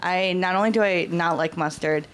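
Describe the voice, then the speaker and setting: A woman's voice: lowish voice, normal speed, a little hiss or hum. A woman comedian on a podcast, joking in a playful, dry way. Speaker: comedian guest. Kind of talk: casual podcast banter.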